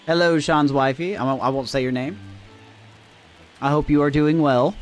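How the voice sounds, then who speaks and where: A man's voice: a little high, moderate pace, soft background music. A man streaming a baseball video game, cheering plays, ranting and chatting with his viewers. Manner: animated, cheering and ranting, talks to chat. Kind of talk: live gameplay commentary.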